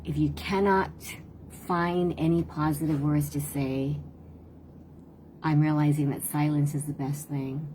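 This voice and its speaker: A woman in her fifties giving earnest, conversational parenting advice on a live stream, often pausing to hesitate. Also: sits low, steady tone, mellow, slight background noise. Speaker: parenting talk host and tutor.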